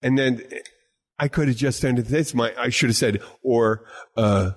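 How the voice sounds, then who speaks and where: Rambling, animated male bartender host. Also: medium pitch, unhurried. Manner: rambling, animated storytelling with frequent restarts. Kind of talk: casual podcast chat.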